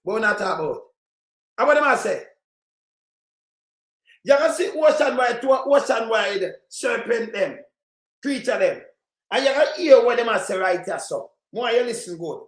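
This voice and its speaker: A Jamaican man in heated live commentary, ranting and shouting in patois, circling back to the same complaints. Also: extremely high pitch, lively intonation, moderate pace, long pauses, echoey room. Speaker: livestream commentator.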